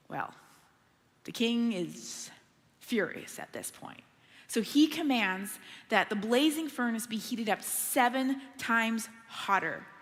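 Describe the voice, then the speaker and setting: A middle-aged woman preaching a sermon in a church, telling stories in a lively, conversational way. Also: fairly high pitch, long reverb tail. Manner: animated, conversational storytelling.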